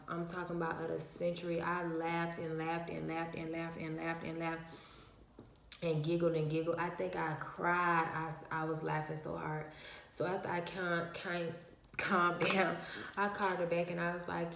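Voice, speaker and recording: Woman vlogger telling a story, lots of um and like, kinda low voice, faint room hum. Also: moderate pace, creaky, reverberant. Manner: animated, emphatic, slangy, many fillers. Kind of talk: casual storytelling to viewers.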